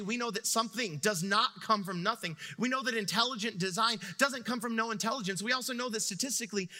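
A young adult man preaching a sermon, retelling scripture with animated storytelling and playful asides. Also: high-pitched. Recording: long reverb of a hall.

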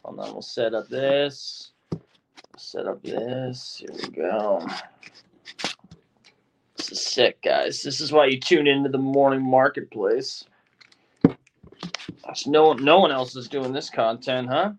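A man's voice: medium pitch, steady tone, slow pace, creaky, long pauses, noisy background. A young man hosting a livestream, talking to his chat casually and sounding frustrated and restless. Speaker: livestream host.

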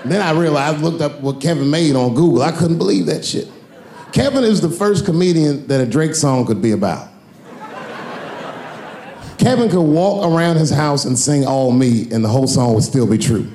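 A man's voice: fairly high pitch, expressive, normal speed, mellow, slight background noise. A man doing stand-up comedy, telling a loose story with swearing and acted bits. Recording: roomy live stage recording with audience. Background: audience.

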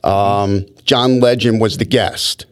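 A man's voice: on the low side, slow, clean tone. A man telling rambling stories in casual podcast chat, often restarting his sentences. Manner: rambling, animated storyteller with frequent restarts.

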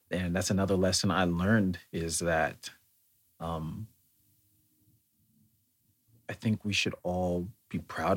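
A man's voice: low-pitched, breathy edge. An American man talking in a thoughtful, meandering way, with many fillers and restarts, in a reflective solo monologue. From United States.

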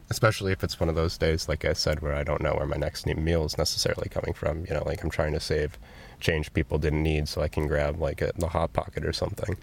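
A young man working as a store cashier, talking candidly and haltingly in an interview, earnest and sometimes emotional. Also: extremely low pitch, vocal fry.

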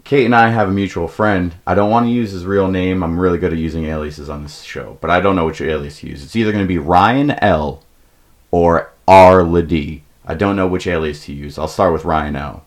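A young man hosting a podcast, telling rambling comic stories with plenty of swearing and acted-out quotes. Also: brisk. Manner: profane, animated, acts out quoted people in a high voice. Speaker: podcast host. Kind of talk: casual comedic storytelling.

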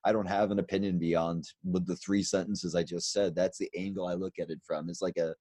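Low-voiced rambling podcast host. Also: male voice, level tone, brisk, mellow, no echo, clean studio sound. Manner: rambling, many restarts and fillers. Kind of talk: casual conversation.

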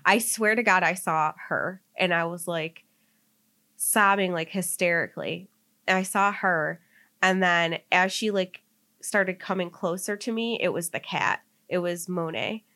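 A woman's voice: fairly low pitch, a little slow, bright, forceful tone. A young woman co-hosting a podcast, telling a personal story in casual chat, full of "like" fillers and getting tearful. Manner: heavy use of "like" as filler, emotional and tearful. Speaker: podcast co-host.

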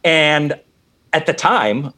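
Animated middle-aged man telling a story. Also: on the high side, drawn-out words. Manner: animated, acts out quoted dialogue, swears casually. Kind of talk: casual storytelling chat.

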